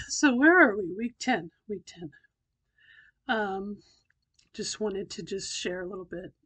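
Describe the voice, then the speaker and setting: A middle-aged woman records a relaxed video diary, speaking slowly and haltingly as she thinks aloud. Her voice sits at a middling pitch, with a slightly tight throat and frequent pauses. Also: breathy edge. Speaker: vlogger doing voice training. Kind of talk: casual personal video diary.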